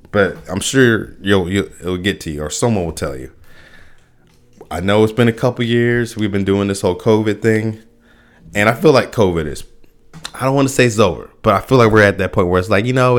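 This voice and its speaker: Dude with a lowish voice rambling on his podcast, lots of um and you know. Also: fairly quick. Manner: rambling, lots of fillers and restarts, laughs at himself. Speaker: podcast host. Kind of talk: casual solo podcast rant.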